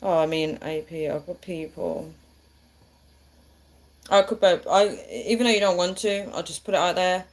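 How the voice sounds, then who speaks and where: A woman's voice: on the low side, normal speed, long pauses. A woman hosting a live stream, chatting with viewers in a chatty and encouraging way. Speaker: livestream host.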